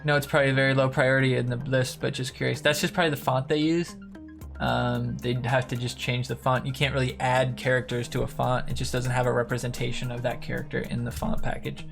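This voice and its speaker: A man whose voice is going hoarse, hosting a mobile game update stream in a loose, profane, joking way. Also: mid-range voice, level tone, fast talker, music in the background. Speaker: mobile game YouTuber and host. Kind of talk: casual streaming commentary, reading viewer comments.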